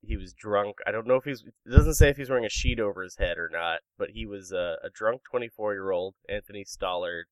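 A man's voice: lowish voice, a little fast, few pauses, clear, resonant tone, no room sound, rough recording. A man hosting a comedy podcast in casual chat, reading out news stories and making puns. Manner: jokey, punning, reads out news stories. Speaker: podcast host.

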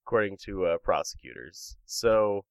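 A man's voice: on the low side, expressive, normal speed, smooth, no room sound, poor audio. A man hosting a comedy podcast in casual chat, reading out news stories and making puns. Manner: jokey, punning, reads out news stories. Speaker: podcast host.

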